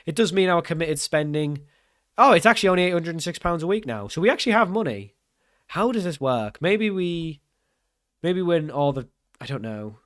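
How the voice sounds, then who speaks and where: A young man talks through a management game as he plays, thinking aloud and often puzzled by the rules, poking fun at himself along the way. His voice sits at an ordinary middle pitch, recorded close and dry with no room sound. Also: dry recording. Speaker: gaming channel host. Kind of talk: casual gameplay commentary.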